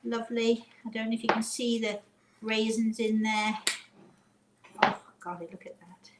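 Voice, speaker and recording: A woman's voice: a little high, level tone, a little slow, background noise. A woman hosting a casual home cooking demonstration, chatting as she measures by eye. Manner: chatty, eyeballing amounts aloud. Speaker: cooking show host. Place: home kitchen. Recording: echoey kitchen with clattering dishes.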